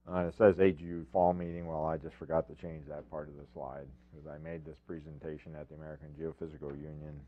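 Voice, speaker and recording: An older man with a very deep, low voice gives a research talk to a room of professionals. He is from upstate New York and speaks in a halting, friendly way with many fillers and restarts. The sound is narrow and phone-like. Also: level tone. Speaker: university researcher presenting. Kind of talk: informal technical presentation.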